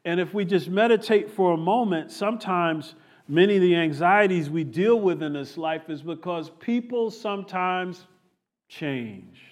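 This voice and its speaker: A man preaching a sermon, with animated rising and falling emphasis. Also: high voice, unhurried. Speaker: pastor.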